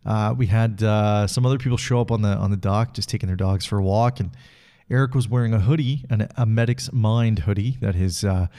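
With a warm, fairly low voice and a slightly quick pace, this Canadian podcast host reflects alone on the mic. His storytelling wanders, is heavy with filler words, and breaks into laughter along the way.

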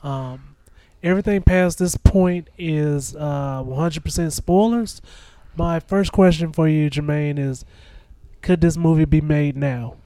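A man with a fairly high but mellow, warm voice hosts a laid-back chat. He asks easygoing questions. The sound is dry and close. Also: unhurried, dry recording. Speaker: host. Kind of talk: casual interview chat.

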